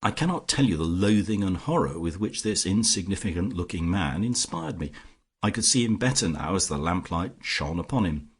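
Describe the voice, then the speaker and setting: A man reading a classic detective story aloud as an audiobook narrator, in a measured first-person telling. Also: low voice, lively intonation, breathy edge. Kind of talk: scripted narration.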